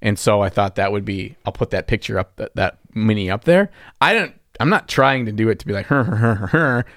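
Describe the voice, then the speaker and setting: Gravelly man rambling on a podcast. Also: lowish voice, fairly quick, fairly bright tone, dry recording, studio quality. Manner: rambling, teasing, self-deprecating. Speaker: podcast co-host. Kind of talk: casual podcast chat.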